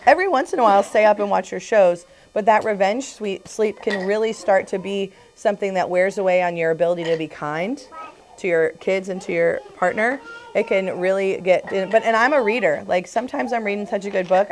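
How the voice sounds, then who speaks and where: A woman's voice: mid-range voice, brisk. A woman chiropractor leading a casual group talk, chatty, laughing often and acting out what her patients say.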